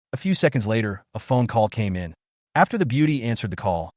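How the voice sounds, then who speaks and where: A man's voice: on the low side, dry recording, studio quality. A man narrating a comic story in a scripted storytelling style.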